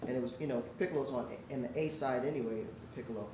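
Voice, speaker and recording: A male musician spins stories for a live audience and breaks into scatted melodies as he acts out the people in them. He sits at an ordinary pitch, well back from the microphone. The room is echoey and carries steady background noise. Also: rapid-fire. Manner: animated storyteller who scats melodies and acts out quotes. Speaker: guest musician answering audience questions. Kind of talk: storytelling at a live Q&A. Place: indoor music shop event space. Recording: roomy, distant, noisy live room.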